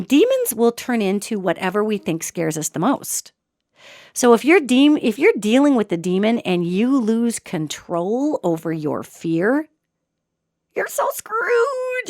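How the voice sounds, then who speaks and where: Animated woman telling a ghost story. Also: mid-range voice, dry recording, clean studio sound. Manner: animated, emphatic, colloquial. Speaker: podcast host. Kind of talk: storytelling talk on spirits.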